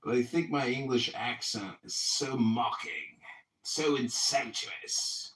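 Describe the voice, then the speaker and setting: A man hosting his own political podcast, wrapping up in a low-key, chuckling way and plugging his websites. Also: slow, fairly bright tone, reverberant, distant mic, a little hiss or hum. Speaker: political candidate and podcast host. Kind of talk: casual wrap-up talk.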